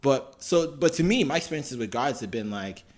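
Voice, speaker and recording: A young man with an Irish accent tells a story in casual podcast chat, his voice sitting at an average pitch. He talks loosely and slangily, with plenty of fillers and swearing. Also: animated, a little fast. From Ireland. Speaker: podcast co-host.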